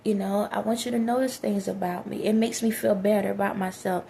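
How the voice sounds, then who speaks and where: A woman's voice: medium pitch, fairly even intonation, fairly quick, vocal fry, warm tone, slight background noise. A woman, giving blunt, preachy relationship advice straight to her listeners in a casual monologue.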